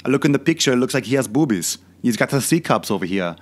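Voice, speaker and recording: A man's voice: mid-range voice, lively intonation, fast talker, lightly acted. A man playing a boastful, crude older Austrian bodybuilder turned film star in a comedic rant, with a heavy put-on Austrian accent. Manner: crude, ranting, boastful, repetitive filler questions. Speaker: fitness channel host.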